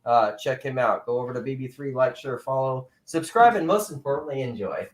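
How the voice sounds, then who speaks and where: A man's voice: medium pitch, animated, fairly quick. A man talks on a casual livestream as co-host. He jokes around and laughs easily, with an ordinary mid-range voice.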